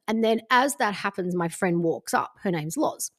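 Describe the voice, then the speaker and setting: A woman's voice: medium pitch, moderate pace, few pauses. A woman, hosting a podcast and candidly telling a personal story in casual chat, swearing freely. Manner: candid and sweary, acts out friends' lines. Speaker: podcast host.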